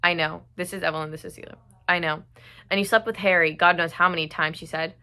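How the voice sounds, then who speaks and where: Bright-voiced young woman reviewing a book. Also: on the low side, steady tone, fast, clean tone. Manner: chatty, lots of fillers, swears when annoyed. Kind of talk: casual book review vlog with read-aloud passages.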